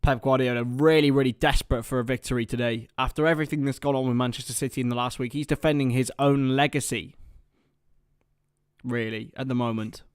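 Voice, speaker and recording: A man doing chatty live football commentary for a watchalong stream, excitable and talking to his viewers. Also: mid-range voice, a little fast, smooth, dry recording, studio quality.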